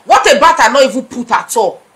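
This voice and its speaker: A woman's voice: a little high, expressive, fast talker, fairly bright tone. A middle-aged woman with a Nigerian accent, talking to her audience in a casual vlog and scolding them in a chatty mix of Pidgin and English. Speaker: blogger.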